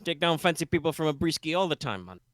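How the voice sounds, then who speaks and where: A man's voice: a little high, big pitch swings, fast, a bit bright, no echo, voice pushed up. A man voicing a laid-back, shirtless human boat captain in a vaguely Jamaican bayou accent, ending his lines with "man". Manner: easygoing, ends lines with "man".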